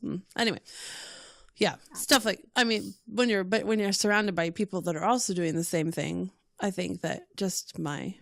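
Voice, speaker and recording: A woman guest in a casual podcast chat, bubbly and given to squealing when she quotes her own excitement. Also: mid-range voice, moderate pace, creaky, no echo, clean studio sound.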